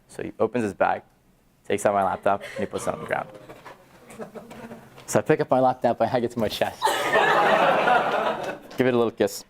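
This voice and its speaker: Animated young man telling a story. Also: fairly quick, long pauses, heavy background noise. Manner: animated storyteller, acts out quoted dialogue with sudden high excited jumps. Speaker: startup founder giving a talk. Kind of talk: storytelling talk to students. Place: university event room, audience present.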